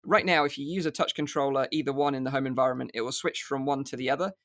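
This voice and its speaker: A man's voice: mid-range voice, fairly even intonation, fast talker, a bit bright, no echo. Chatty male podcast host, dry close sound. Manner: chatty, filler-heavy, laughs often. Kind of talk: casual podcast chat about VR news.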